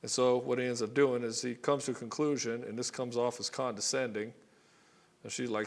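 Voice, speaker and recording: A man's voice: mid-range voice, flat delivery, fairly quick, gravelly. A man coaching husbands on relationships, talking bluntly, swearing casually and acting out both partners in short skits. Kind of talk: direct-to-camera coaching talk.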